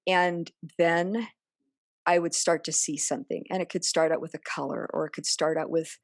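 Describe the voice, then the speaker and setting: Creaky and low, the woman's voice holds a steady tone at normal speed, recorded in a clean studio with no echo. She is an earnest podcast guest in a personal interview, often imitating other voices when recalling conversations.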